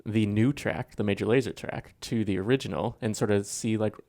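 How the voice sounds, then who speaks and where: A man co-hosting a relaxed podcast, easygoing as he guides the conversation and laughs often. His voice has a strong gravelly fry at a middle pitch. The sound is close and dry. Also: a little fast, dry recording. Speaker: podcast co-host. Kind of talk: casual podcast chat.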